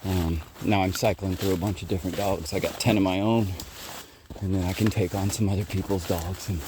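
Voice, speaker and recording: A man training bird dogs in the woods, explaining as he walks and praising his dogs. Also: sits low. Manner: calls loudly to his dogs while explaining. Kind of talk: walking field narration to camera. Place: outdoors in the woods. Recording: outdoor field recording with noise. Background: birds and outdoor sounds.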